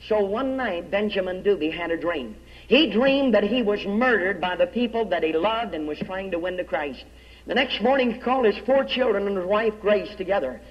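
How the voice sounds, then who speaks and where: High-voiced preacher in an echoing hall. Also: male voice, lively intonation, moderate pace. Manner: dramatic storytelling, drops low and soft on key words, quotes old-style scripture. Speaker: evangelist preacher. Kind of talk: revival sermon with storytelling. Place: large church hall. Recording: dull lo-fi recording with long hall reverb.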